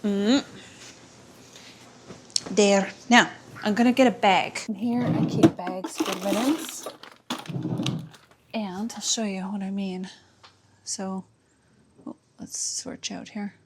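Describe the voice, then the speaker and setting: Speaking slowly and pausing often, a woman with a medium-pitched, fairly even voice vlogs as she cleans her home, inside and out in the yard. A housewife using a camera mic, she rambles and jokes at her own expense, and there's a little hiss or hum.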